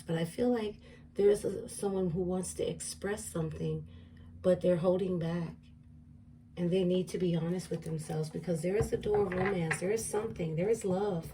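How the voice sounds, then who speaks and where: A woman gives a relaxed tarot reading, thinking aloud and repeating each card's affirmation. Her voice is mellow and a little low. It is picked up from a distance with a faint room hum behind her. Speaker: tarot reader. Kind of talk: casual tarot reading to camera.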